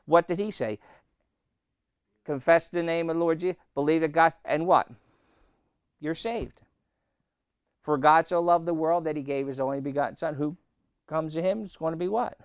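A man preaching a sermon, emphatic and repetitive, quizzing his listeners and slowing down to read scripture. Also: on the high side, clear, resonant tone, dry recording. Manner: emphatic, repeating phrases and asking the congregation questions; slows right down on scripture quotes.

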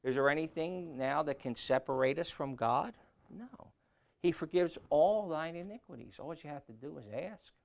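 A middle-aged man preaching a sermon, shifting from quiet talk to loud scripture reading. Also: a little high, animated, normal speed, creaky.

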